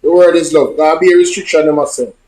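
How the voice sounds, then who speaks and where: A man's voice: on the high side, steady tone, quick pace, darkish tone, echoey room. A man with a Jamaican accent, casually telling rambling, repetitive stories in patois to his online viewers. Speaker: social media vlogger. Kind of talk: casual storytelling chat.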